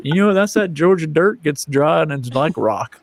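Man putting on an excited Southern machine bragger. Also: fairly high pitch, moderate pace, pitched above the performer's own voice. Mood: boastful. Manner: loud, revved-up bragging.

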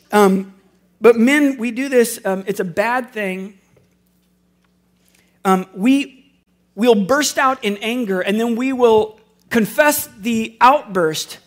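A man's voice: sits high, fairly bright tone. A man preaching as a pastor, earnest and conversational, with wry self-deprecating asides. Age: adult with school-age children. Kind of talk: sermon.

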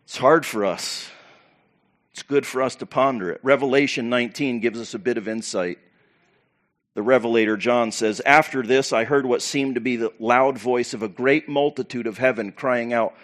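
A pastor preaching to his church, animated and preacherly, with loud bursts and quiet asides. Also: mid-range voice, moderate pace. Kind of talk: sermon.

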